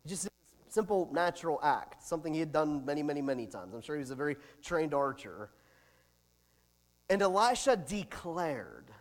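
A man pastor preaching a sermon, animated, with big swings in loudness and chatty asides. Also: a little high, moderate pace, long reverb tail.

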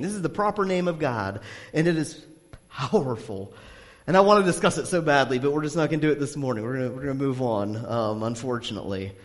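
Brief: conversational male pastor, slightly higher voice, storytelling sermon, long hall reverb. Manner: conversational, animated storytelling with many fillers.

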